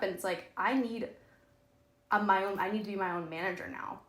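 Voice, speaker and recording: A woman's voice: medium pitch, fairly even intonation, brisk, fairly bright tone, echoey room. A woman co-hosting a podcast in casual chat, candid and often laughing, trailing off and restarting, with frequent swearing. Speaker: podcast co-host.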